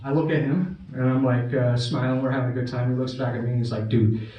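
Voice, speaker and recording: A man's voice: mid-range voice, fairly even intonation, quick pace, dark tone, heavy reverb, recorded from a distance, poor audio. A man doing a stand-up comedy set, telling a crude story and checking in with "right?" along the way. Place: comedy club stage.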